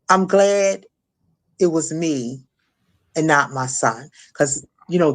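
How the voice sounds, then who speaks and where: Woman telling her story haltingly. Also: low voice. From Maryland. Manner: halting, repeats words, acts out quoted voices. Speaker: guest, shooting survivor. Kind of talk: emotional personal testimony.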